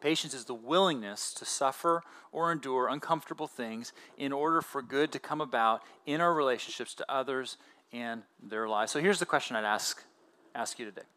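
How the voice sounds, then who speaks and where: A man in his thirties, a pastor giving a conversational sermon with casual fillers and animated emphasis. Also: medium pitch, normal speed.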